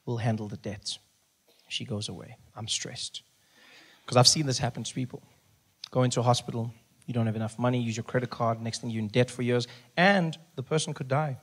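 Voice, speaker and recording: A man telling a stand-up story, animated and acting out scenes. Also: medium pitch. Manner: animated, fast, acts out scenes. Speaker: stand-up comedian.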